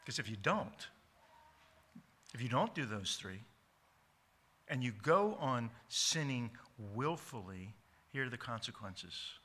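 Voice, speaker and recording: Male pastor, sermon delivery, bright edgy tone, emphatic with restarts. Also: medium pitch, sing-song, slightly rough. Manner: emphatic, repeats key words slowly, frequent restarts. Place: church sanctuary.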